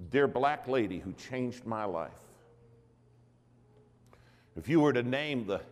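A male preacher telling a story in a sermon, in an animated, dramatic way. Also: fairly low pitch, long reverb tail.

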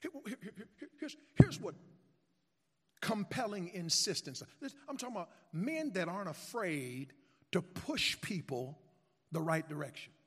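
A man preaching a sermon as pastor, telling a story softly, then building into emphatic, repetitive exhortation. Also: high voice, lively intonation, measured pace, slightly rough, long reverb tail.

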